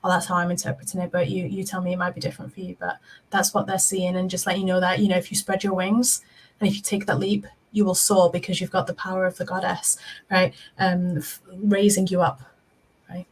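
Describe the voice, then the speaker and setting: A woman giving a spiritual reading to viewers on a video call, in a soft, flowing, reassuring way. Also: on the low side, completely flat delivery, a little fast, slightly rough, poor audio. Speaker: intuitive reader, guest. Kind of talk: live-stream spiritual reading.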